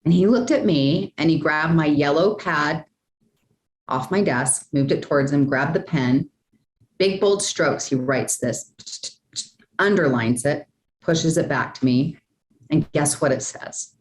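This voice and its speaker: A woman guest in a podcast interview, telling a personal story in a lively, chatty way, often tossing in "like" and "right?". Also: sits low, a little slow, reverberant. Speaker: guest, speaker and sales coach.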